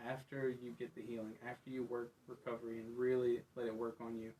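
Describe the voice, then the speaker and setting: Guy in recovery telling his story, pretty flat delivery, bit of hiss. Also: mid-range voice, brisk, highs cut off. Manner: earnest, confessional, many fillers. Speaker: guest in recovery. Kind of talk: personal testimony in casual talk.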